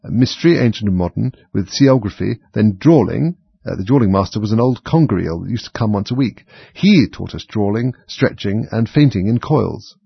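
A gloomy, self-pitying sea creature , put on by a man reading a storybook, who drags out his words, sighing through every sentence in a raised, husky voice. The recording is dull and dry. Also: lowish voice, expressive, moderate pace, few pauses, no room sound, heavily acted. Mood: mournful.

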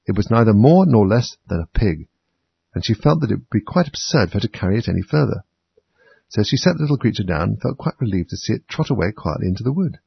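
A man reading a storybook aloud as narrator in a steady, measured way. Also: on the low side, gravelly, slightly rough, dry recording, muffled recording. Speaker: audiobook narrator.

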